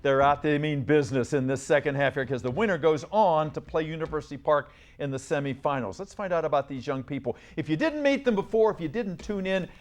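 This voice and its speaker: A man with a notably high voice hosts a student science quiz in a TV studio. He reads each question with upbeat energy and coaxes the young contestants along. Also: brisk, hardly any pauses. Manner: upbeat, coaxing and encouraging students. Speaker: quiz show host. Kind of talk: school quiz show hosting.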